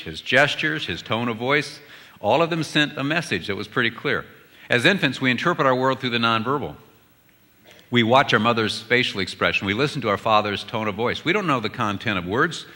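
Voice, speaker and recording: A man at mid pitch preaches with a bright, forward tone. He tells humorous stories and slips into the voices of a husband and wife. His words echo through a large, reverberant church. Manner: humorous storytelling, voices both spouses. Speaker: guest speaker. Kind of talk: sermon. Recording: hall reverb from the sanctuary.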